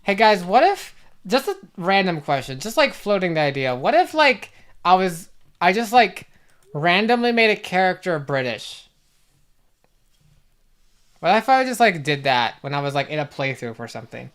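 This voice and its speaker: A woman's voice: lowish voice, big pitch swings, moderate pace. A young adult woman streaming a game, chatting casually and rambling with many fillers and restarts. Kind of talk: casual chat while gaming.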